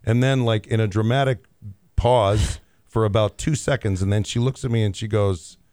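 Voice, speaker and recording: A man in his sixties hosting a morning radio show, telling stories in an animated way and laughing at himself. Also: lowish voice, normal speed, clean tone, no echo, clean studio sound. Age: 60s. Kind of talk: casual radio chat. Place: radio studio.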